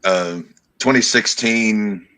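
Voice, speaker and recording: A man's voice: lowish voice, slow, sharp tone, clear, resonant tone. A man co-hosting a casual podcast, talking hesitantly with many restarts and fillers. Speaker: podcast co-host. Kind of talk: casual chat.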